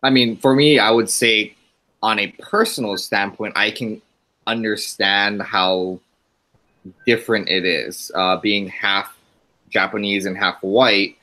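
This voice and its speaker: A man from Hawaii talks through his own experience in a graduate class webinar. His voice sits a little low with a bright, forceful tone, and he pauses and restarts as he reflects. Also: steady tone, poor audio. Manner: reflective, with frequent fillers and restarts. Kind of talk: casual discussion.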